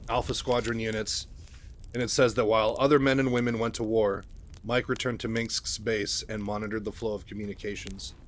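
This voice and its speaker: A man's voice: medium pitch, a little hiss or hum. A man casually reading a game novel aloud, with chatty asides. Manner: chatty, loose, with filler asides. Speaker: story reader. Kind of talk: casual read-aloud with commentary.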